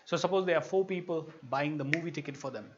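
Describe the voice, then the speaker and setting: Indian guy coaching, high voice, animated storyteller, kinda muffled audio. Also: fast. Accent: Indian English. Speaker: motivational coach. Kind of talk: motivational talk.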